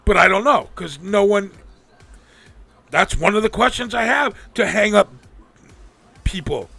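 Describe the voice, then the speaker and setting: A man with a high, gravelly voice rants on his live stream, swearing freely and mimicking the people who wronged him. His tone is bright and sharp. Faint music plays behind him. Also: unhurried. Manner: angry, profane venting with mocking quoted voices. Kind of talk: ranting casual talk.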